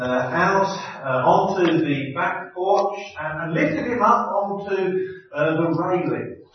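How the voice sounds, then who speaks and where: A man delivers a sermon in a slightly high voice, taking his time and pausing often as he tells his stories. He sounds far from the microphone in a very echoey hall. The recording is muffled and dull. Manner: slow, deliberate storytelling with pauses and hesitations. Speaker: preacher.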